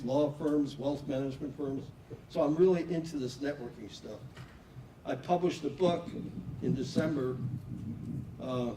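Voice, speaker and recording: An older man tells stories to a room in a warm, mellow voice, pitched a bit high for a man. He sounds chatty and sure of himself. The recording is roomy and echoey, caught from a distance with faint noise behind. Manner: anecdotal, self-assured, chatty. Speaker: speaker at a networking event. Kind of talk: casual talk to an audience. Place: room with an audience.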